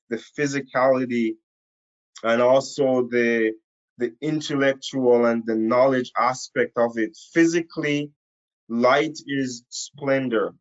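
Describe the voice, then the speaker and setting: A man teaching from the Bible to a camera in a room, slow and emphatic, repeating key phrases for weight. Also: medium pitch, dull audio. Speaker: preacher. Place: indoor room.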